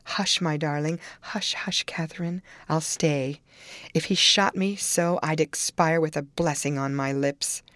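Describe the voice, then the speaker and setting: Fierce brooding man, woman reading, low voice, urgent, dry sound. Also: unhurried, hardly any pauses, fairly bright tone, dry recording. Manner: urgent, cursing, pleading. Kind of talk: audiobook character reading.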